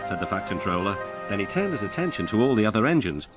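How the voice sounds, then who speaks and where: Brief: male storybook narrator, expressive, lively pitch. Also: fast talker. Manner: expressive, animated. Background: background music.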